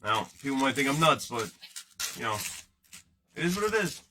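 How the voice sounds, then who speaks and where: A man's voice: mid-range voice, very animated, normal speed, noisy background. A man hosting a card-breaking livestream, rambling and joking casually with his viewers in chat.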